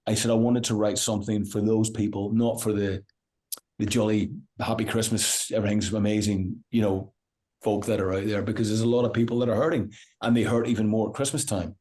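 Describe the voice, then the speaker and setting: A male rock musician in an interview, telling anecdotes in a lively, casual way, acting out the people he quotes, with many restarts and a lot of "you know". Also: lowish voice, a little fast.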